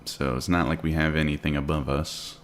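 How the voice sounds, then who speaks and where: A man's voice: very deep voice, little pitch movement, brisk, a little hiss or hum. A man hosting a live day trading stream, chatting casually and answering viewer questions while he watches the charts. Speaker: day trading livestream host.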